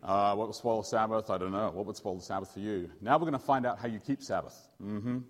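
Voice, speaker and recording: A man, a pastor telling a story in a sermon, animated and joking with his congregation. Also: lowish voice, fast talker, long reverb tail. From England. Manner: animated, jokey, quizzes the audience.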